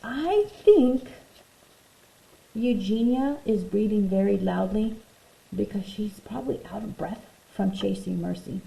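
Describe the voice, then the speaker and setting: Female teacher, read-aloud lesson for kids, expressive, gravelly warm tone, roomy echo, faint hiss. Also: medium pitch, measured pace. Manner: expressive, talks to young pupils between read passages. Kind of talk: reading a picture book aloud to children. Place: home room, virtual class recording.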